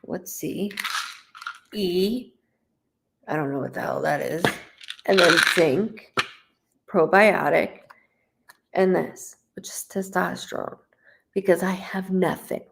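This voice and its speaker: A woman's voice: lowish voice, slow, vocal fry, long pauses, noisy background. A woman working as a psychic medium on a casual live stream, talking straight to the viewer in a blunt way and swearing freely.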